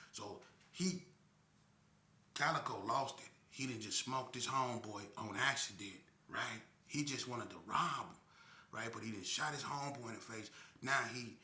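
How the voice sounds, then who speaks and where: A man telling a crime story in a casual, animated way, adding sound effects and slang. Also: mid-range voice. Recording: echoey room.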